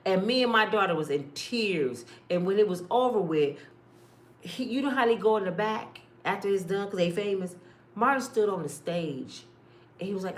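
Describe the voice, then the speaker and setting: Middle-aged woman vlogger, impassioned storyteller, home room with echo. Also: mid-range voice. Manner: impassioned, swings from quiet and tired to loud and exasperated. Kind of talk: casual storytelling vlog. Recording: echoey room.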